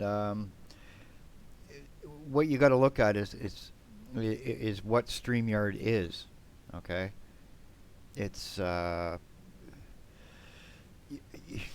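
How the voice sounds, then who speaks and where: A man's voice: on the low side, clear, resonant tone. A man streaming a game live, rambling bluntly to his chat, swearing and tagging his remarks with "man" and "right?". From Canada.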